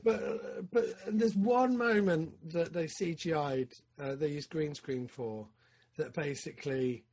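A man co-hosting a podcast, chatting casually about films, excitable and rambling with lots of fillers. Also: fairly high pitch, a little slow. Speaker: podcast co-host. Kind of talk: casual film chat.

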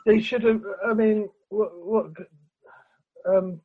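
Man, higher voice, husky, lo-fi sound, animated rant in casual podcast chat. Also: slow pace. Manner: ranting, animated, swearing, laughing. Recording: lo-fi recording.

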